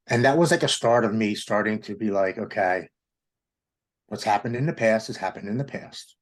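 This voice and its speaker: Earnest man with a lowish voice sharing a candid recovery story, stumbling through restarts. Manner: earnest, halting with many restarts. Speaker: podcast guest.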